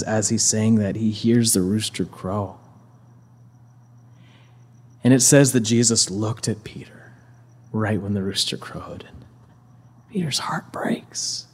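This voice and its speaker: A man's voice: fairly low pitch, darkish tone. A man casually retelling a scripture story as a preacher, conversational, with many fillers and restarts.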